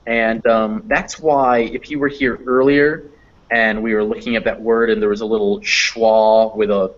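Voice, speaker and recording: A man's voice: on the low side, level tone, measured pace. A man teaching English phonetics in a live online class, explaining patiently with fillers over a computer mic. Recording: dull lo-fi online class audio.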